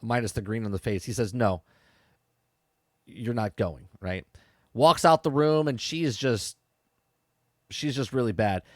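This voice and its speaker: Casual male podcaster, mid-pitch, chatty recap with restarts, dry close mic. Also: animated, moderate pace, long pauses, no echo. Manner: chatty, repeats words and restarts, frequent "okay?" and "right?" asides. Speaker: podcast host reviewing a TV episode.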